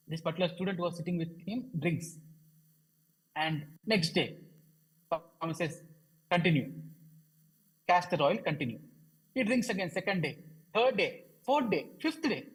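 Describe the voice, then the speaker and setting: A man's voice: high voice, normal speed, pauses often, husky, poor audio. A man telling a story at a devotional program, hesitant, with many fillers and restarts. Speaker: devotional speaker. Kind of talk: storytelling talk.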